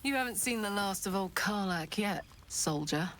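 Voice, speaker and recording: An actress voicing a boisterous, swearing, affectionate tiefling warrior woman in a video game, loud and blunt, laughing easily. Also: mid-range voice, expressive, normal speed, slight background noise, close to an everyday voice. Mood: fond, excited.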